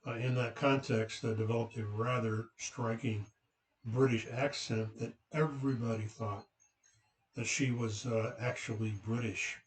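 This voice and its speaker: Rambling dad telling a story. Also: male voice, mid-range voice, fairly even intonation, unhurried. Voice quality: rambling, with many fillers and restarts. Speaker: father recounting family memories. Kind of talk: casual anecdotal storytelling. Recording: roomy, from a distant mic.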